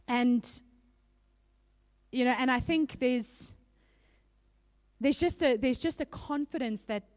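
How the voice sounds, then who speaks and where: A woman giving a sermon in a casual, animated storytelling manner. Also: on the high side. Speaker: speaker. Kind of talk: conversational sermon.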